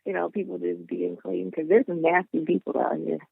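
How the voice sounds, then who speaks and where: A woman phoning in to a podcast, chatting in a friendly way with a gravelly voice. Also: fairly low pitch, level tone, a little fast, no room sound. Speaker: caller. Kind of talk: casual phone call-in. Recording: tinny phone line.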